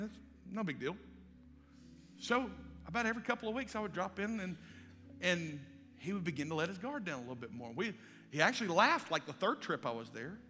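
Animated man preaching in a hall. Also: sits high. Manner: animated storyteller acting out dialogue. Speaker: pastor. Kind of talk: sermon storytelling. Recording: live hall with long reverb and faint music.

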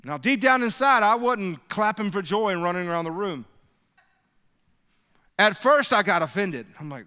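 A man's voice: high voice, animated, moderate pace, long pauses, sharp tone, clear, resonant tone. A man preaching a sermon as pastor, building to emphatic peaks and calling on the congregation to answer back. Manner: call-and-response preaching, rising to emphatic peaks. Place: church sanctuary. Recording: reverberant hall.

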